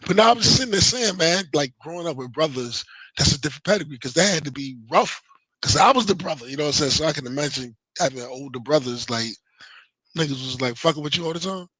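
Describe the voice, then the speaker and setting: A man's voice: a little high, animated, quick pace, pushed and bright, husky, dry recording, low-quality recording. A man co-hosting a casual talk show, talking emphatically in slang and repeating himself for effect. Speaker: podcast co-host. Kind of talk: casual chat.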